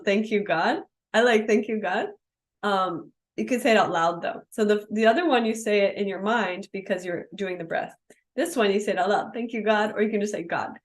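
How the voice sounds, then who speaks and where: A woman leads a live online yoga class in a relaxed, conversational way. She explains each step of the breathing practice and shows the arm movements as she talks, at a middling pitch. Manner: casual, explaining and demonstrating moves. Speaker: yoga teacher.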